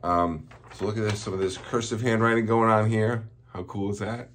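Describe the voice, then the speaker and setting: A man's voice: on the low side, fairly even intonation, normal speed, a bit bright, slight background noise. A man, a school principal, giving cheerful morning announcements to students and chuckling at their jokes.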